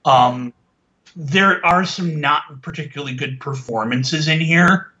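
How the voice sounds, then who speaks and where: A man casually reviewing an old TV show, rambling with many fillers and restarts, getting animated when he complains. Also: fairly high pitch, measured pace, highs cut off. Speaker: podcast reviewer.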